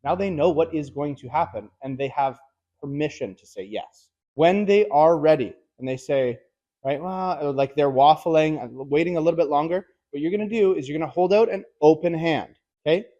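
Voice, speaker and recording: A man with a fairly high speaking voice walks viewers through sales closing techniques. He talks in a direct, energetic coaching style, mixing in casual slang. It sounds like an instructional video. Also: normal speed, dull audio. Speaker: car sales trainer.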